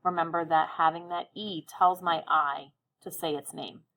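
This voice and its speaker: A woman teaching a phonics lesson, sounding words out slowly and encouraging young learners. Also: low-pitched, steady tone, fairly bright tone. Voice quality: slow, carefully sounds out words. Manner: patient, encouraging, stretches words out.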